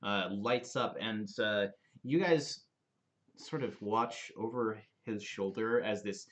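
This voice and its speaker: A man's voice: on the low side, slow pace, fairly bright tone. A young man running a tabletop game as dungeon master, narrating the scene loosely with many fillers.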